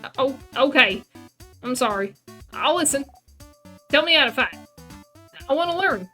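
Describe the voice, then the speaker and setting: A woman voicing an eager, anxious young kid with a high, pleading, excitable voice in a game read-along. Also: normal speed, faint music behind.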